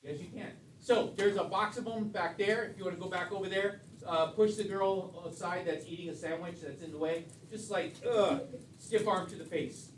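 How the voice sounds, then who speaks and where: Male teacher, high voice, playful teasing classroom banter, distant mic, faint hum behind. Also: fairly even intonation, fairly quick, few pauses, echoey room. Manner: teasing, joking banter with students. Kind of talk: classroom lecture.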